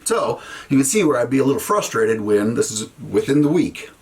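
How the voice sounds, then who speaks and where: A man, a military veteran, telling a story to an audience in an animated, profane way, acting out conversations. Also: mid-range voice, a little fast.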